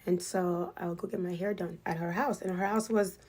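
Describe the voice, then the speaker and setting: A woman's voice: fairly low pitch, steady tone, normal speed, a little mellow, breathy edge. A woman telling a casual, chatty story, filling her sentences with "like". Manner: chatty, leans heavily on "like" as a filler. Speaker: storyteller sharing experiences with a wealthy family.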